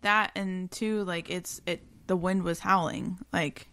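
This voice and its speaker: Halting, rambling woman co-hosting a podcast. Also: lowish voice, steady tone, bright, forceful tone. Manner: halting and rambling, full of "like" fillers and restarts. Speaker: podcast co-host. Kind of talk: casual podcast chat.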